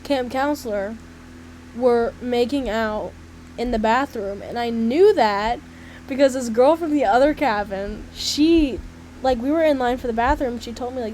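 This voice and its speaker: A young woman with a slightly high voice tells stories in a loose, chatty way. She swears freely and leans on "like" as she talks. A faint hum sits under the recording. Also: normal speed, darkish tone, rough recording. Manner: chatty, swears freely, heavy use of "like", laughs between lines. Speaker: storyteller. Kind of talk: casual storytelling monologue.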